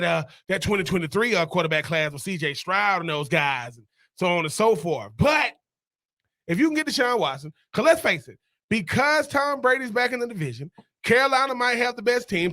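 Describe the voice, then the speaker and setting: An opinionated male co-host on sports talk radio, with a high voice. He argues emphatically and counts off his points one by one. The sound is dry and close to the mic. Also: big pitch swings, a little fast, bright, forceful tone, no echo.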